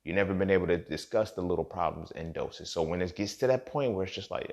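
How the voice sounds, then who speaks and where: Deep gravelly-voiced man. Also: fast talker, darkish tone, muffled recording. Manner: blunt, profane, talks straight to listeners. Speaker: podcast host. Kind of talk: casual monologue.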